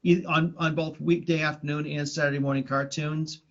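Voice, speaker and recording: A man's voice: a little high, flat delivery, moderate pace. A man co-hosting a podcast, chatting casually and rambling about old cartoons with plenty of restarts. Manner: rambling, many restarts and fillers. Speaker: podcast co-host. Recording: dull lo-fi sound.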